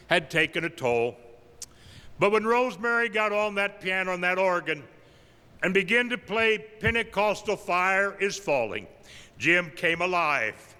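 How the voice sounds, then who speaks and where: Older man, evangelist, raised pitch, folksy humorous storyteller, long hall reverb. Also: smooth. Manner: humorous anecdotal, with deadpan punchlines. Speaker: evangelist giving a tribute. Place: large camp meeting hall. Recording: live in a big reverberant hall.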